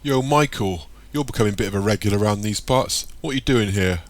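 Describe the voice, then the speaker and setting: A man's voice: sits low, steady tone, normal speed, natural voice. A man doing Darren, slangy and laid-back. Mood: casual. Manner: casual, slangy, loud.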